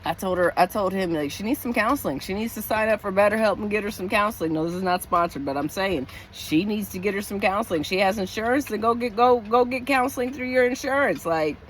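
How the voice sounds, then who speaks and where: A woman's voice: quick pace, hardly any pauses, a little hiss or hum. A middle-aged woman venting frankly in a casual, rambling chat to camera, lying down inside her parked truck. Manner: rambling, frank, with frequent restarts and swings in pitch. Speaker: vlogger living in her truck.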